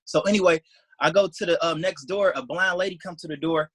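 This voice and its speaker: A young man rattles through a story at high speed, his voice bright and forward with a husky edge. He rambles and leans on "like", slipping into the voices of the people he quotes. The sound is dry and close. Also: brisk, no room sound, poor audio. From Detroit, USA. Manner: rambling, animated, heavy use of "like", acts out quoted speech. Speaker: interview guest, salesman. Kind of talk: casual storytelling in an interview.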